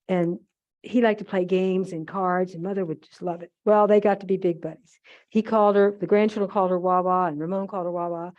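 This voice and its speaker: In a museum event room, an older woman demonstrates holiday decorating and wanders through chatty stories and asides. Her voice sits lowish and a little mellow, with fairly even intonation and a slightly fast pace. The archive audio is muffled.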